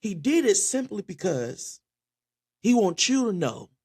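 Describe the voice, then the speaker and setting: Male preacher with a somewhat high voice, fervent delivery, stumbles through repeated restarts. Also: sing-song, darkish tone, husky. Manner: impassioned, repeats words in quick restarts. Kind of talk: spoken sermon.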